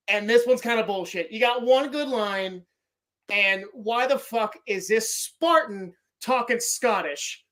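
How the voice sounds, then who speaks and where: A man hosting a podcast who rants about movies in an excitable, profanity-heavy way. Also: sits high. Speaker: podcast host. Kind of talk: casual movie-ranking rant.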